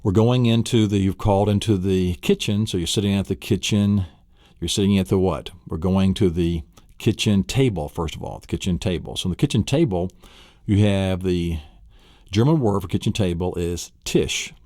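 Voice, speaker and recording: Low-voiced Southern man coaching memory. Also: moderate pace, mellow, no echo, clean studio sound. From Tennessee, USA. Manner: enthusiastic, repetitive quizzing with vivid imagery. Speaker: memory trainer. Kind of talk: recorded vocabulary lesson.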